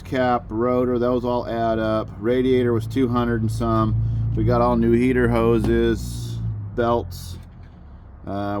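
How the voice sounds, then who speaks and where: A man's voice: mid-range voice, a little mellow, slight background noise. A man, a father hosting a backyard mechanic channel, talks casually and jokes at his own expense while working on a car outdoors. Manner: chatty, joking, self-mocking. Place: outdoors in a backyard garage area, rain starting.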